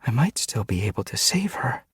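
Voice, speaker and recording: A man with a husky voice voicing an anxious young she-cat in an audiobook. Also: mid-range voice, very animated, normal speed, no room sound, studio quality, pitched above the performer's own voice.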